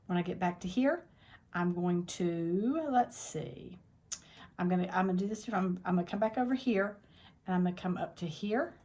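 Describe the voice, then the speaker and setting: A woman's voice: lowish voice, moderate pace, a little mellow. A woman teaching a quilting tutorial, talking step by step through what she is doing in a plain, practical way, thinking aloud as she goes. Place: quilting workspace at a longarm machine.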